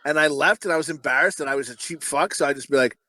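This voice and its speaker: High bright-voiced man rambling crude anecdotes. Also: quick pace, no room sound. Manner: rambling, profane anecdotes with laughing asides. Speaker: podcast co-host. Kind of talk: crude casual podcast banter.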